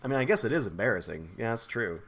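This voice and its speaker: A man's voice: medium pitch, sing-song, fast talker, fairly bright tone, husky. A man co-hosting a podcast, recapping chapters in a rambling, laughing chat. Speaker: podcast co-host.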